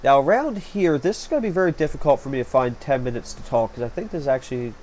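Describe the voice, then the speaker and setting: A man's voice: medium pitch, lively intonation, quick pace, darkish tone, low-quality recording. A man narrating his own vlog footage in a rambling, casual way, with lots of fillers. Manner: rambling, chatty, many fillers. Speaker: vlog host. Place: small hot room with a fan running. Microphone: home recording setup. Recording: faint fan noise.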